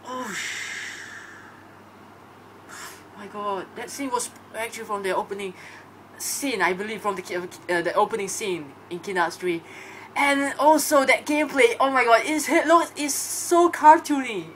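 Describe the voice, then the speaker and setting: A woman's voice: fairly high pitch, normal speed, a little hiss or hum. A young woman hosting a fan reaction video, gushing and exclaiming over and over.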